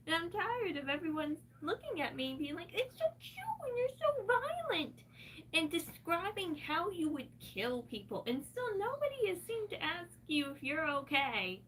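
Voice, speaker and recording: A woman's voice: sits high, fairly bright tone, far from the mic, slight background noise. A distressed woman ranting on a livestream, cursing heavily and talking in an agitated, unscripted way.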